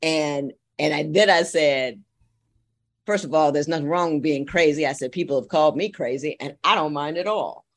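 A woman from Ohio, a guest on a talk podcast, telling a story with emphatic, drawn-out phrasing. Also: low-pitched. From Columbus, Ohio. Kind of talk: storytelling in casual interview.

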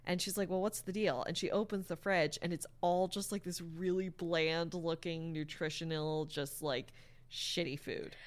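Rambling low-voiced woman recapping a story. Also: level tone, normal speed. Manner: rambling, lots of "like" and "um", casual swearing. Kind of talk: casual chat.

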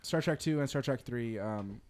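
A man's voice: medium pitch, normal speed, background noise. Male podcast host, easygoing, casual moderator. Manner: relaxed, brief moderator cues. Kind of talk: casual chat.

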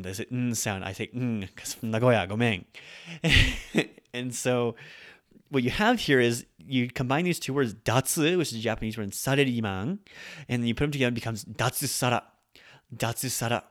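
A young adult man hosting a casual Japanese language lesson, explaining loan words in a relaxed, chatty way with fillers and quick self-corrections. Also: medium pitch. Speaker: host teaching Japanese.

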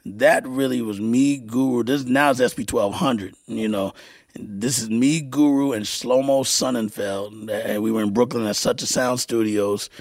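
Middle-aged male producer guest, gravelly voice, dry close sound, halting storyteller who acts out quotes. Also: medium pitch, steady tone, dry recording. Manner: halting, repeats words, acts out quoted dialogue. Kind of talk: casual storytelling interview.

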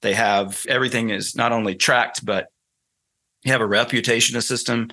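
A man's voice: mid-range voice, fairly even intonation, normal speed, bright, forceful tone. A man with a Southern accent from North Carolina, a guest author explaining his ideas in a thoughtful, storytelling way during an interview. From North Carolina, USA. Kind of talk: conversational interview.

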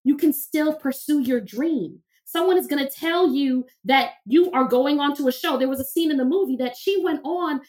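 A woman's voice: high voice, normal speed, hardly any pauses, darkish tone. A woman therapist and minister, a podcast guest, talking emphatically with preacher-like repetition. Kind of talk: conversational interview.

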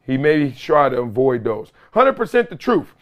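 A man hosting a sports talk show, telling stories in animated, slangy casual commentary on a close mic. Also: medium pitch, normal speed, dull audio. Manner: animated, slangy storytelling with laughs.

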